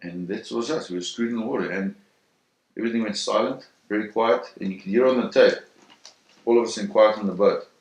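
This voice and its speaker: A man in an interview telling a first-hand story in a vivid, animated way, acting out the sounds and voices. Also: on the low side, brisk. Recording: roomy echo.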